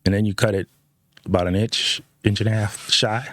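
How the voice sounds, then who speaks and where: A man on a casual bar-talk show who calmly keeps pressing his point during an argument. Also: fairly low pitch, normal speed, no room sound, clean studio sound. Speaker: co-host.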